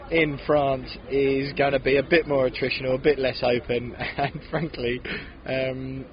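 A man's voice: medium pitch, highs cut off. A man hosting a podcast, chatting casually and with animation, recorded outdoors outside a city bar. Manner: chatty, animated, laughs often. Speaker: podcast host. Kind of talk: casual chat.

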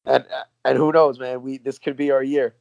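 A man's voice: medium pitch, flat delivery, moderate pace, creaky, a little mellow, dry recording, lo-fi sound. Laid-back New York American man. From New York, USA. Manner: laid-back, laughs often, slangy. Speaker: guest fan. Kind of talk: casual podcast chat.

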